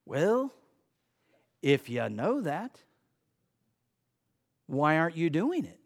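Preaching man with a high voice. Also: huge pitch swings, slow. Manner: preachy, shifts between loud emphasis and quiet asides. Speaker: pastor. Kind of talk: sermon. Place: church sanctuary.

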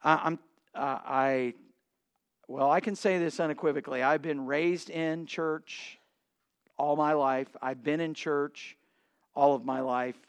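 A man's voice: fairly high pitch, steady tone, unhurried, clean tone. A male pastor preaching a sermon in a conversational way, acting out voices of the people he quotes.

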